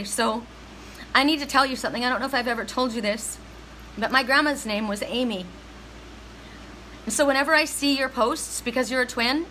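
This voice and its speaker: A woman's voice: on the high side, sharp tone, a little hiss or hum, poor audio. A middle-aged woman giving a heartfelt, emphatic spiritual reading to viewers on a live stream. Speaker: psychic reader.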